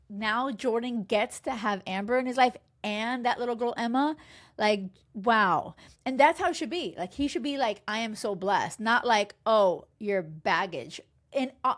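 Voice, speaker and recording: A woman dating coach recapping a reality show in casual chat, emphatic and animated, swearing freely and acting out quotes. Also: a little high. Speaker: love and dating coach, podcast host.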